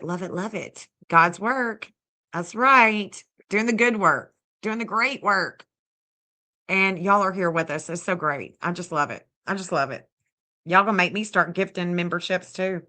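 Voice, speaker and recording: A woman's voice: medium pitch, bright, forceful tone. A woman hosting a casual livestream, gushing over viewers and thanking them by name. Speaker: livestream host and astrologer.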